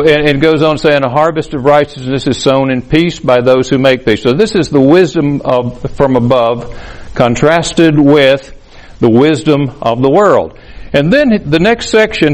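A man preaching a sermon, explaining scripture in a measured, teaching way. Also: mid-range voice, poor audio. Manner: measured, explanatory, reads scripture aloud with emphasis. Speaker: pastor.

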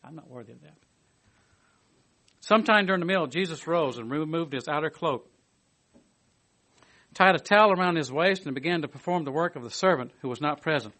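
A man giving a sermon, reading a commentary aloud and adding his own asides, moving between emphatic bursts and quiet, hushed stretches. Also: a little high, brisk. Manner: lively, swings from emphatic to hushed. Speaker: preacher.

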